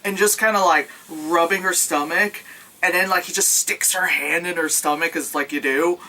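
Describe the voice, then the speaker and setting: A woman's voice: on the low side, moderate pace, rough recording. A woman giving a casual, sarcastic movie recap, swearing freely. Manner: animated, sarcastic, swears freely, acts out scenes with yelps. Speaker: movie reviewer.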